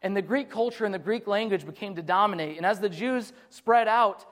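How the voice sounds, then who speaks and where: A man's voice: high voice, a little fast, a bit bright. A man preaching a sermon, earnest and explanatory, getting emphatic and often restarting his sentences. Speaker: pastor. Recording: long reverb of a large hall.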